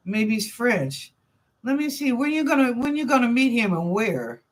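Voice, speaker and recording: A woman's voice: a little high, big pitch swings, normal speed. A woman hosting a live stream of psychic readings, answering chat questions in a chatty, informal way, thinking aloud and repeating phrases. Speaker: psychic reader and show host.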